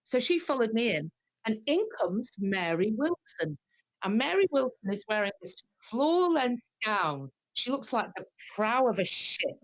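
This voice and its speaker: Woman guest, storyteller, lively pitch, dry close sound. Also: measured pace, no echo. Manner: lively, animated anecdotes with acted-out quotes. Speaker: guest singer. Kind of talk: storytelling interview.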